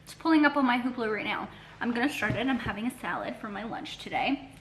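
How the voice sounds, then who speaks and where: A woman's voice: on the high side, lively intonation, fast talker, breathy edge. A woman chatting casually in a reading vlog, rambling and gushing with lots of fillers and restarts, filmed on a handheld camera from her couch at home. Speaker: book vlogger. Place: living room couch at home.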